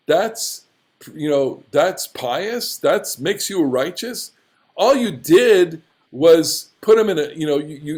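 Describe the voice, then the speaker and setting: A man's voice: high voice, a little mellow. A man teaching a Bible class, passionate and opinionated. He often stumbles over his words and restarts.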